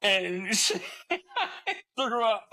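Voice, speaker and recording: A man in his forties, co-hosting a podcast, tells rowdy stories in a relaxed, profane way and laughs often. His voice sounds strong and bright and sits a little high. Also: drawn-out words, poor audio. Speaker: podcast co-host. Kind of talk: casual storytelling.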